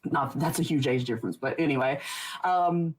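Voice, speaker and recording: Guest, woman in her 40s: husky, low-pitched, laughs a lot as she tells stories. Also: brisk. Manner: rambling, laughs often, many restarts. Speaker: podcast guest. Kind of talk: casual interview storytelling.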